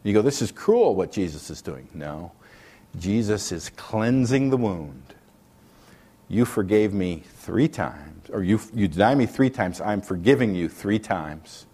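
In an animated, husky voice and at a measured pace, a man preaches a sermon. The pastor reads scripture aloud and drives his points home, with his pitch and loudness swinging widely.

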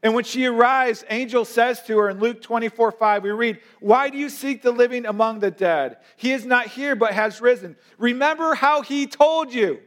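A pastor delivers a sermon in a very high-pitched male voice. He leans hard on key phrases and slows down to drive them home. He is speaking to a church congregation. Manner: emphatic preaching with rising stresses and slowed key phrases. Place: church service.

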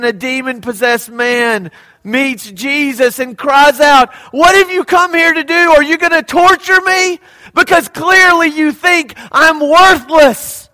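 A man's voice: very high-pitched, pushed and bright. A man preaching a sermon, telling stories with drama and acting out the quoted lines. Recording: echoey hall.

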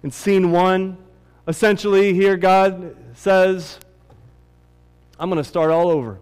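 A man preaches in a large hall, and a long reverb trails each of his words. His voice sits a little high for a man. He climbs higher and louder whenever he drives a point home. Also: takes it slowly, long pauses, smooth. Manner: animated preaching, voice rising high and loud at peaks. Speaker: pastor. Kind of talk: sermon.

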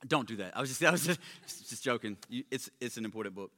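A man preaching a sermon, swinging between loud emphatic stresses and quiet low asides, with joking remarks. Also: animated, quick pace. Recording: long hall reverb.

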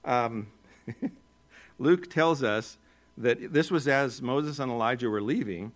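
A man's voice: mid-range voice, slow. Joking conversational American male preacher. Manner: conversational, joking asides with chuckles. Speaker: pastor. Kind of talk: sermon.

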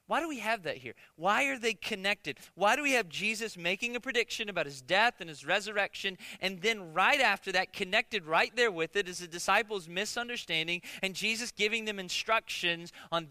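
A pastor delivers a conversational sermon, joking with his congregation, stumbling into restarts, and frequently asking "right?" His voice sits high, pushed and bright, with a clean tone in a dry recording.

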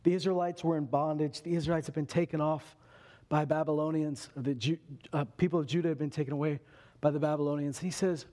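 A man preaching a sermon in an animated way, acting out quotes as he goes. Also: on the high side, fast talker. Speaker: pastor.

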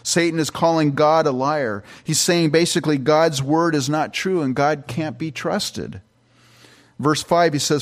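A man's voice: on the high side, normal speed. A middle-aged man, a pastor, giving a conversational Bible-teaching sermon with frequent restarts and fillers.

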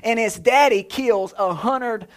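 A man in his thirties preaching a sermon in a lively, conversational way, with jokes and playful sound effects. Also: high-pitched, takes it slowly. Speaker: pastor.

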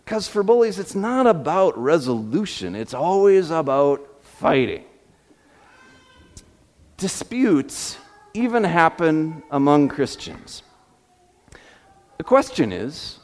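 A male pastor preaches in a high, animated voice that rises and falls widely. He tells his stories with frequent fillers and restarts. The sound carries the long reverb of a large hall. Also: takes it slowly, long pauses. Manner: storytelling with repeated fillers and restarts. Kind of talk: sermon.

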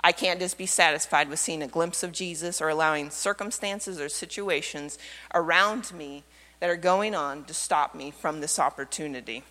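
A woman's voice: sits low, moderate pace, sharp tone, in a large hall, pitched below the performer's own voice. A woman pastor voicing an eager, determined male tax collector in an earnest, urgent tone during a sermon.

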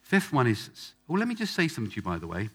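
A man's voice: medium pitch, huge pitch swings, fast talker, a bit bright, husky, faint music behind. A man preaching a sermon to a congregation in front of him, emphatic and fond of repeating phrases for effect. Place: church hall with a live congregation.

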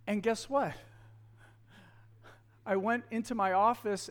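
A middle-aged man preaching a sermon, telling a personal story in a conversational way and acting out the quoted dialogue. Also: high voice.

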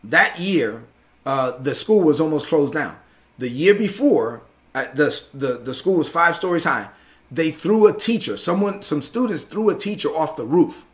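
A man from Brooklyn and the Dominican Republic, a preacher telling his personal testimony in an animated way, often asking "right?". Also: fairly high pitch, normal speed. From Brooklyn, New York and the Dominican Republic.

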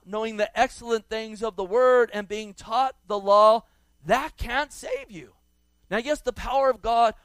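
A male preacher with a high, clean, ringing voice delivers an emphatic sermon. He leans hard on key words and repeats them, and he lifts his voice when he quotes scripture. The sound is dry and close. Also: clear, resonant tone, no room sound. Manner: quotes scripture in a raised, dramatic voice.

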